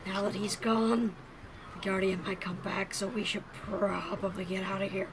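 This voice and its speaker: A woman's voice: mid-range voice, steady tone, normal speed, noisy background. A woman playing a tabletop game, speaking cautiously. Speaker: player. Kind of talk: casual game chat.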